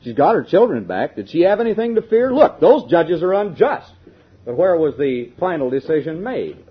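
A man preaching a sermon, firing rhetorical questions and swinging between loud declarations and hushed asides. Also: a little high, very animated, normal speed, breathy edge, muffled recording. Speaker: minister preaching to a congregation.

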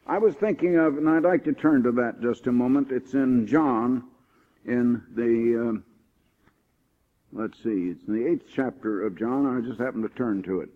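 A man preaching a sermon, reading scripture slowly and rising to stress his points. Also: medium pitch. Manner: emphatic, rising on key points, slows for scripture. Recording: tinny phone-like old recording.

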